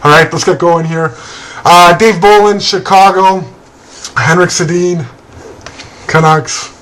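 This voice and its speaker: A man hosting a card break, calling out player names and teams in a relaxed, casual way and laughing now and then. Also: high voice, slow pace, rough recording. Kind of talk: casual card-opening commentary.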